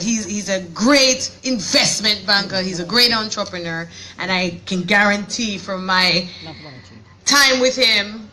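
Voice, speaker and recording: A woman emcee speaks into a microphone with a bright, crisp voice at an ordinary pitch. She introduces the next speaker playfully, laughing easily and praising him. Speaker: master of ceremonies. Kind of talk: event introduction. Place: event hall before an audience.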